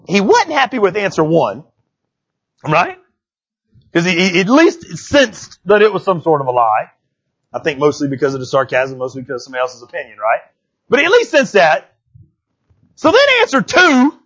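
A male pastor preaching a sermon in a church, animated and conversational, often checking in with "right?". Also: high-pitched, normal speed, breathy edge, lo-fi sound.

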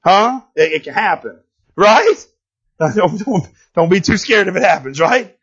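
A male pastor preaches in an animated, conversational way, often turning to the congregation to ask if they follow him. His voice sits unusually high for a man and has a husky edge. The recording sounds muffled and lo-fi. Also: unhurried. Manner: animated, talks straight to the congregation, often asks "you know what I'm saying?". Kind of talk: conversational sermon.

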